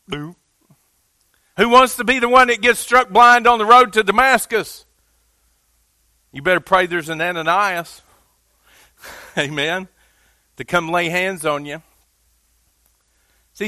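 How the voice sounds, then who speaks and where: A man's voice: high voice, sharp tone, dry recording. A man preaching a sermon as pastor in a loose, conversational way, building to emphatic rises on key points. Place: church.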